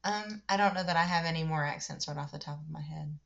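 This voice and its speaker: A woman co-hosting a casual book-club podcast, chatty and quick to laugh. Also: deep voice, creaky, dull audio. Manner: chatty, many fillers, laughs easily. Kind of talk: casual chat.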